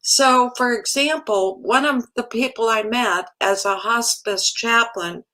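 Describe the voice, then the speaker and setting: A woman chaplain speaking as a talk show guest, her voice bright and fairly high. She talks slowly and calmly, laying out each step in a measured, teaching way. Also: poor audio. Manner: calm, measured, instructive.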